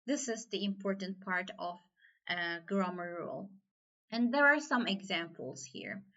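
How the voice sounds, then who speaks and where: Woman teacher, native Turkish speaker, higher voice, very slow deliberate delivery, dull lo-fi recording. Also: fairly bright tone. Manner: slow, careful explaining with repeated examples. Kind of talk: online language lesson.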